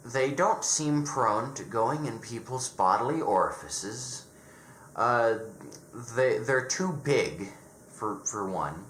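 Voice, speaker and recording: A man talks through a casual, opinionated review with plenty of sarcasm. His pitch bounces around expressively, and he keeps stammering and restarting phrases. The sound carries the echo of a bare room. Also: animated, takes it slowly, fairly bright tone, slight background noise. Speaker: horror reviewer.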